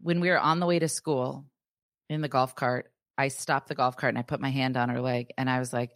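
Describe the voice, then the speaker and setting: Low-voiced mom, candid and chatty. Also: female voice, fairly even intonation, dry recording, clean studio sound. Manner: candid and confessional, quick asides. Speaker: podcast co-host. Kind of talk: casual chat.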